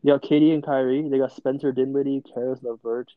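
A man's voice: medium pitch, little pitch movement, fast talker, no room sound, phone-quality sound. A young man in casual chat with friends, rambling with lots of "bro" and "like", on headphones over a call. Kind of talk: casual chat about basketball.

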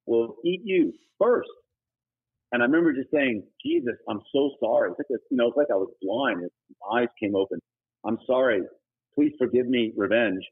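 A middle-aged man, a missionary guest, giving an earnest, preachy personal testimony that breaks into sudden emphatic high bursts. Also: slightly rough. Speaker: guest, humanitarian missionary leader. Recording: tinny phone-like audio.

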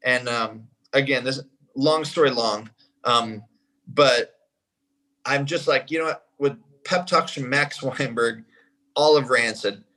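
Male interview guest, a drummer; animated, casual storyteller who acts out each exchange. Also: medium pitch, takes it slowly, poor audio.

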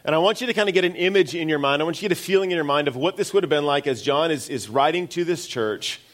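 A man's voice: on the high side, fast, a bit bright. A middle-aged man preaching a sermon as pastor, in a conversational way with self-deprecating asides.

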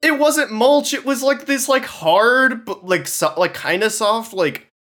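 A man's voice: very high-pitched, a little slow. A young man co-hosting a podcast in casual chat, swearing often as he talks. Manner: animated, swears a lot. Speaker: podcast co-host.

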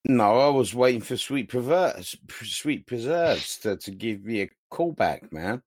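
A man's voice: medium pitch, animated, a little slow, no echo, clean studio sound. A man co-hosting a podcast in casual chat, teasing his partner with mock-aggrieved banter. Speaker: podcast co-host.

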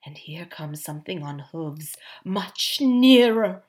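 A woman's voice: lowish voice, lively intonation, slow, a little mellow. A woman reading an audiobook, voicing a loyal, wary male unicorn who speaks tersely.

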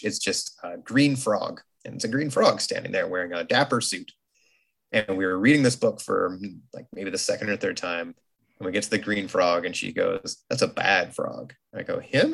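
A man in his thirties co-hosting a casual podcast, animated and acting out quotes in his stories. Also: sits low, vocal fry, slightly rough. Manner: animated storyteller, acts out quotes. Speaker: podcast co-host. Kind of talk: casual chat.

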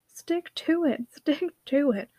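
A woman's voice: high-pitched, expressive, slow, dark tone, no echo. A woman voicing a jovial, blunt older father who mocks his son good-naturedly in a storybook reading. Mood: hearty.

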